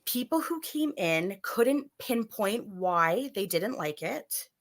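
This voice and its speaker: A woman in her thirties, a podcast guest, telling a story in a casual, animated way with many fillers. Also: mid-range voice, slow pace. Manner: animated, filler-heavy, acts out voices in quotes.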